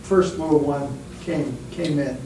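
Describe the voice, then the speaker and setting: A man's voice: fairly high pitch, steady tone, measured pace, noisy background. A man hosting a local show, chatting casually and prompting his guest with short affirmations and questions. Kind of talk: casual interview chat. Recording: echoey room, mic at a distance.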